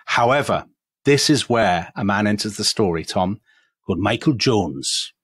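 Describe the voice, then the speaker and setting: On a casual history podcast, a co-host from England narrates in a low, slightly rough voice that sounds dry and close, with no room sound at all. His pace is a little slow and his manner chatty, full of self-deprecating asides and frequent "sort of" and "kind of."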